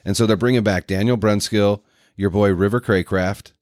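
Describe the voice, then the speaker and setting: A man co-hosting a sports podcast, breaking down signings in a rambling, energetic way. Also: fairly low pitch, normal speed, no echo, clean studio sound. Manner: energetic, rambling analysis with restarts. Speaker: podcast co-host. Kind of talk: casual sports talk.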